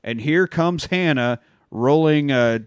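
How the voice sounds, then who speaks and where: A man co-hosting a casual comedy podcast, recapping a film with lots of swearing and quick mocking character voices. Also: on the high side, clear, resonant tone, no room sound, clean studio sound.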